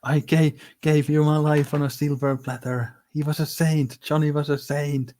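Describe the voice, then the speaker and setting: A man's voice: fairly high pitch, level tone, normal speed, mellow, pitched above the performer's own voice, lightly acted. A man putting on a self-pitying old mother. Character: bitter complaining elderly mother.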